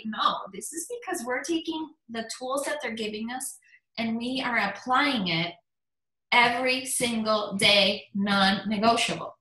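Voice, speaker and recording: A woman in her forties, a fitness business coach, giving an energetic motivational talk in emphatic bursts. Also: on the high side, a little slow. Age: 40s. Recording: echoey room.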